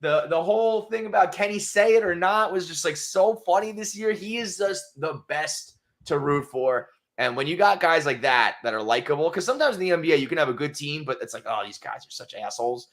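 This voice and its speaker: A man co-hosting a sports podcast, animated and swearing freely. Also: fairly high pitch, a little fast, hardly any pauses. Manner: animated, swears freely, voices quotes loudly. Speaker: podcast co-host. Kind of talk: casual sports chat.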